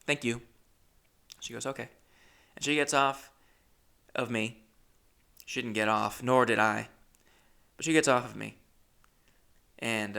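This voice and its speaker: A man telling a comic story with a bright, forward tone and a smooth, clear voice. He stays animated and self-deprecating and often turns to his listeners as "folks.". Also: mid-range voice. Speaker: comedian. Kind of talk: comedic storytelling.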